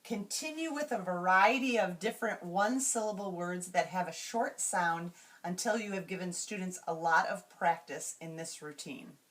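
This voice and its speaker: A woman explaining classroom reading routines to teachers, slowly and carefully, and modeling each word sound by sound. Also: lowish voice, a bit bright. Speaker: teacher trainer.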